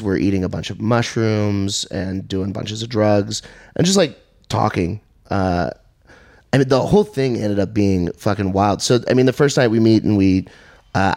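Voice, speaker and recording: A man's voice: fairly low pitch, darkish tone. A man, a guest comedian, telling a rambling, profane story on a podcast while laughing along.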